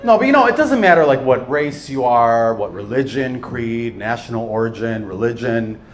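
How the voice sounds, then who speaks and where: Male stand-up comic, bouncy and very expressive pitch, noisy live club recording. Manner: animated, playful delivery with pauses for laughs. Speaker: stand-up comedian. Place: comedy club stage.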